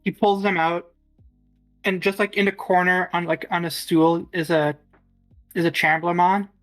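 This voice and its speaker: A woman running a tabletop game as game master, narrating in a halting way with many restarts. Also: fairly low pitch, fairly even intonation, faint music behind, poor audio.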